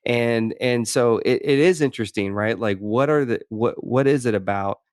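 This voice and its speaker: A man's voice: medium pitch, normal speed, clear, resonant tone, dry recording, clean studio sound. A man hosting a podcast, talking through personal stories in a thoughtful way, with many restarts and "you know"s. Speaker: podcast host. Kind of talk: reflective interview conversation.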